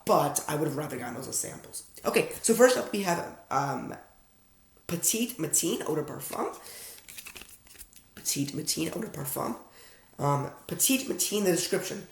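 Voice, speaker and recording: A young man from the US with a higher-pitched, animated voice chats at a moderate pace in a fragrance unboxing vlog, rambling and self-aware toward his viewers. Recorded in an echoey room at home at night, the clip has slight background noise.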